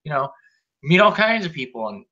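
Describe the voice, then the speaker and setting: A man's voice: a little high, sing-song, fairly quick, sharp tone, dull audio. A man hosting a casual podcast chat, opinionated and blunt with jokey banter. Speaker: host.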